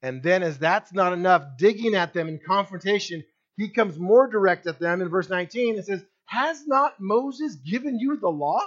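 Animated male preacher, slightly dull recording. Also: moderate pace. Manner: animated preaching with wide swings in pitch and loudness; asks the congregation questions directly. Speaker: pastor. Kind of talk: sermon.

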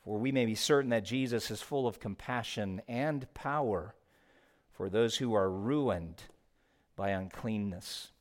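A man preaching a sermon as pastor, moving between hushed and raised passages. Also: lowish voice, unhurried.

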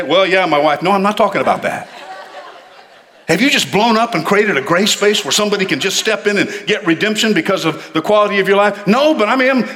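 A man preaching a sermon to his congregation in church, animated and calling on them to respond. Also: high voice, in a large hall. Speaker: pastor.

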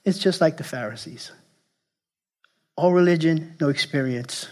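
A man preaching a sermon as pastor, emphatic and repetitive, often restarting phrases and sometimes dropping to a soft, intense tone. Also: fairly high pitch, unhurried. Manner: repeats and restarts phrases, emphatic, jokes at himself.

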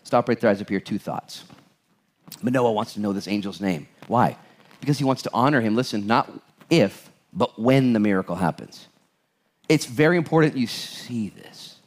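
A man preaching a sermon as pastor, animated, acting out the people in the Bible passage with jokes. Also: fairly low pitch, normal speed.

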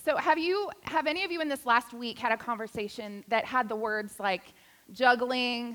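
A woman delivers a sermon in a church sanctuary, mixing teaching with playful, self-deprecating jokes. Her voice is bright and sharp, set a little higher than average. She speaks directly to the congregation, easy and personable. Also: normal speed. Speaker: guest preacher.

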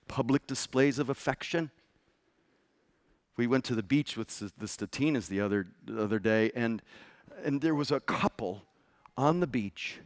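A man preaching a sermon with passion, jumping from loud outbursts to hushed whispers. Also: fairly high pitch. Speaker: pastor.

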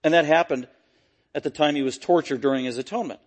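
A man preaching an expository sermon, emphatic and repetitive, swinging from loud peaks to quiet low lines. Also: quick pace. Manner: repetitive, stressing key phrases.

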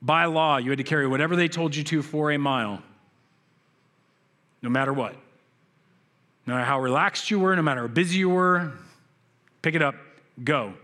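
A young adult man preaching a sermon, telling stories and acting out quoted voices with big jumps in pitch. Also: fairly bright tone. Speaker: pastor. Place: church sanctuary.

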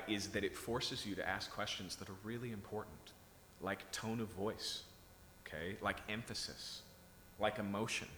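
Male preacher, bright forceful voice, slightly low, conversational sermon, echoey hall with long reverb. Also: a little hiss or hum. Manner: conversational, often checks in with "okay?".

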